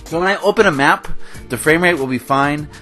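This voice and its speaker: A man's voice: a little high, brisk, pushed and bright, soft background music. Ranting, worked-up gaming host man. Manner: chatty, with frequent fillers and nervous laughs. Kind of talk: casual game commentary over gameplay.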